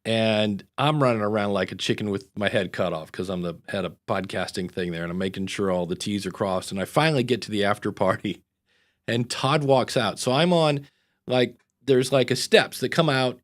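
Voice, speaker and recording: This middle-aged podcast host has a lowish voice and speaks at a normal speed. In casual chat, he tells rambling anecdotes and keeps restarting his sentences.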